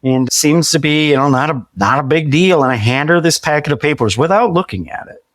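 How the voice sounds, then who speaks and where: A man's voice: fairly high pitch, fairly quick, fairly bright tone, dry recording, clean studio sound. Man in his forties telling a story. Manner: acts out quoted dialogue vividly; frequent restarts and repeated words. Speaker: podcast guest. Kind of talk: conversational storytelling.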